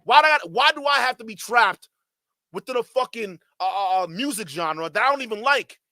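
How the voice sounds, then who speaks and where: A man's voice: high voice, expressive, normal speed, pushed and bright, no room sound, clean studio sound. A man hosting a livestream, giving heated, profane commentary in a ranting manner. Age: adult. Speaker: streamer host.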